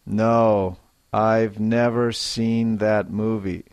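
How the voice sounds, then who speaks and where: A male English teacher talks slowly and clearly, giving a scripted lesson. His pitch swings widely as he acts out example sentences to show intonation. The recording is dry and close. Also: big pitch swings, no room sound. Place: Japan.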